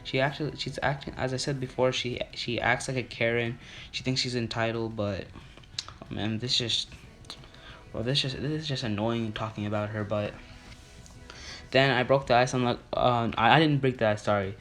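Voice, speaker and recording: A man's voice: mid-range voice, fairly even intonation, moderate pace, a bit bright, faint music behind. A young man telling a story about his school in a casual, rambling way, full of fillers and restarts.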